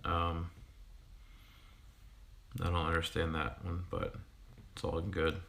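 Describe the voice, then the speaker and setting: A man in his thirties, a fishkeeping YouTuber, chatting casually on a livestream in a halting way with many ums and restarts. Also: deep voice, completely flat delivery, gravelly, fairly bright tone, slight background noise. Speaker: fishkeeping YouTuber and sixth-grade teacher.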